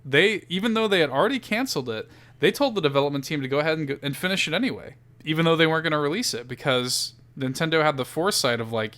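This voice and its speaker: A man hosting a casual podcast chat, animated and profane, laughing often. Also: fairly high pitch, quick pace. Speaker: podcast host.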